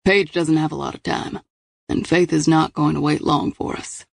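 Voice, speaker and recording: Man reading a gravelly male investigator. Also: on the high side, fairly even intonation, no echo, clean studio sound. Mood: deliberate. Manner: measured, deliberate case reasoning. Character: male investigator reasoning through a case. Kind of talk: audiobook dialogue reading.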